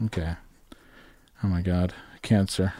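A man's voice: low voice, level tone, slow, dark tone, soft background music. A man co-hosting a crude comedy podcast, bantering and stumbling over his words as he reads aloud. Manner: stumbling, restarts mid-sentence when reading aloud. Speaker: podcast co-host.

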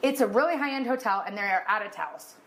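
A woman's voice: medium pitch, animated, fast talker, fairly bright tone, a little hiss or hum. Chatty woman co-hosting a podcast. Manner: chatty storyteller who acts out quotes. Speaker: podcast co-host. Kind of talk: casual chat.

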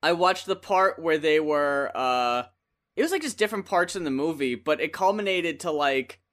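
A man's voice, a little high, animated and a bit bright, comes from a podcast co-host in a casual conversation. He rambles profanely while retelling scenes, acting them out with quick voices.

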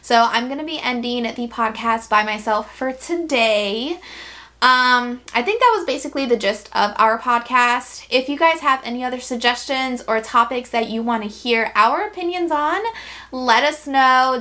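A woman's voice: on the high side, normal speed, sharp tone. A young adult woman co-hosting a podcast, frank and opinionated in casual chat. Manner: frank and opinionated, plays devil's advocate. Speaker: podcast co-host.

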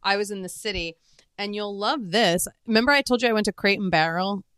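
A young woman in easy podcast chat, with a smooth, clear voice and a dry, close sound. She tells stories loosely, curses casually and acts out the voices of the people in them. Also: medium pitch, brisk, a bit bright, no room sound. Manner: swearing, storytelling, acts out quotes. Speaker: podcast co-host.

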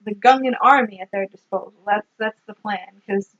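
A woman's voice: medium pitch, moderate pace, noisy background. Sarcastic woman, lo-fi recording. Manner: sarcastic, animated, swears freely. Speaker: podcast co-host. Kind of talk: casual movie recap chat.

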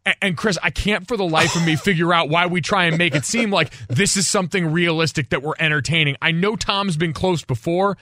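A young man co-hosting a sports radio show, chatting in a quick, wry way. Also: fairly high pitch, sharp tone, dry recording, clean studio sound. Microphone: studio microphone.

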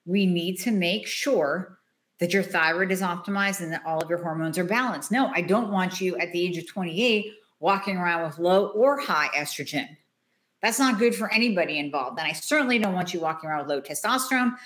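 A woman hosting a health podcast, speaking bluntly and emphatically, with casual swearing and long rapid lists. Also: fairly low pitch, fairly bright tone. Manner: runs quickly through long lists. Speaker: hormone health practitioner and podcast host. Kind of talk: solo podcast monologue giving health advice.

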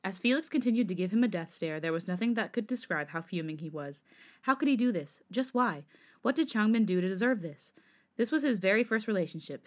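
Brief: woman host, mid-pitched, dramatic fan-fiction narration. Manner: expressive, dramatic reading. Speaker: podcast host. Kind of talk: reading fan fiction aloud.

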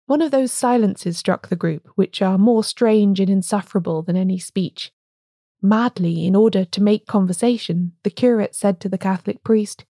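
A woman reads a classic story aloud in a steady, measured way. Her voice is warm and mellow, at a middle pitch. The recording is dry and close, with no room sound. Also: dry recording. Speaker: audiobook narrator. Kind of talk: scripted narration.

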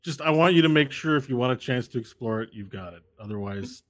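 A man narrating as game master of a tabletop game, animated and often laughing as he describes events. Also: mid-range voice, fast talker.

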